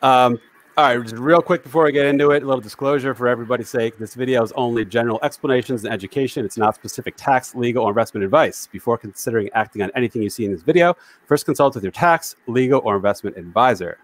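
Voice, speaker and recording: A man hosts a casual live stream over a video call, cracking dad jokes between topics. His voice sits at an ordinary middle pitch and sounds dry and close, with no room around it. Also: fast, no room sound. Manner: jokey, tells dad jokes. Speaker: host.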